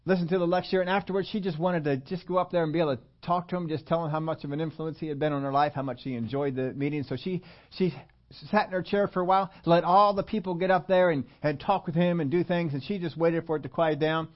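A man preaching, telling a story in a chatty way, often quizzing his audience and restarting his sentences. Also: fairly high pitch. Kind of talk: storytelling sermon. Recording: dull lo-fi recording.

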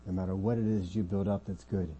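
A man preaching a sermon as pastor of a church, earnest, often dropping his voice quiet to make a point. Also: low voice, level tone, fast, dull audio, a little hiss or hum.

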